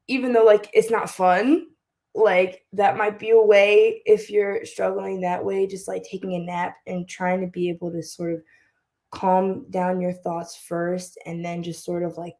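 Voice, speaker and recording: A woman's voice: fairly low pitch, a little mellow. A teenage girl on a panel, speaking hesitantly with many fillers. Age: teens. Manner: hesitant, lots of "like". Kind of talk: panel discussion.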